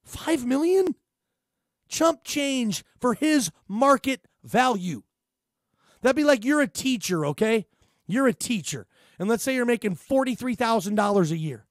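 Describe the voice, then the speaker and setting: A sports talk radio host with an extremely high voice speaks a little slowly into a studio microphone, with no echo. His animated monologue rambles, full of fillers and restarts.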